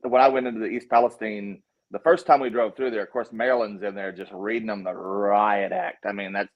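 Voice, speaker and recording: A man's voice: fairly low pitch, a little fast, dull audio. A man with a Southern US accent, a documentary filmmaker talking casually as a guest, telling stories and acting out quotes with lots of restarts. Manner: animated storyteller, acts out quotes, frequent restarts. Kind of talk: casual conversation.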